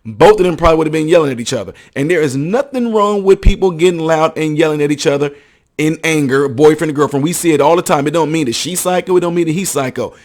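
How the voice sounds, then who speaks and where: A man hosting a commentary video, talking emphatically, acting out quotes and checking that listeners follow him. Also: on the high side. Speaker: ministry counselor.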